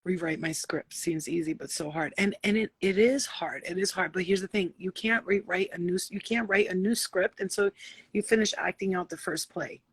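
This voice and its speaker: A woman's voice: fairly low pitch, normal speed, breathy edge, dry recording. A woman hosting a casual late-night spiritual live chat, blunt and profane, often slipping into playful voices. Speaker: spiritual live-stream host.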